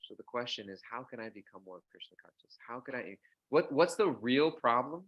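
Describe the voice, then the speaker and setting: A man teaches a morning scripture class, delivering a conversational sermon full of anecdotes in which he acts out the voices. His medium-pitched voice is husky and brisk with lively intonation, though the audio is dull.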